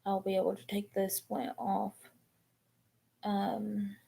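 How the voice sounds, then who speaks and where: A woman, chatting casually on a live stream, rambling and halting with many ums and restarts. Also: medium pitch, completely flat delivery, vocal fry, warm tone. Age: 20s.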